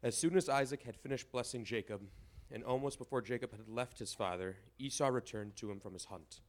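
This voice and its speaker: A man reading a scripture passage aloud in a measured, formal way. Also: medium pitch. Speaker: scripture reader.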